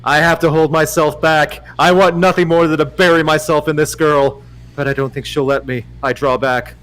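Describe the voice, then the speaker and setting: A man as guest reader on a livestream, giving a mock-dramatic, teasing reading and loudly urging the host on. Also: on the high side, fairly even intonation, normal speed, low-quality recording. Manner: teasing, theatrical, swings to loud urging.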